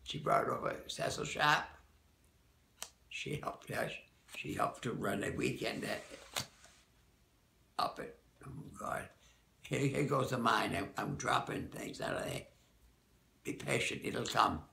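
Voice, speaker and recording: An older man, a dance teacher, recalling people from the past in a rambling, halting way, often correcting himself. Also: medium pitch, vocal fry, pushed and bright, echoey room. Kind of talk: oral-history reminiscence.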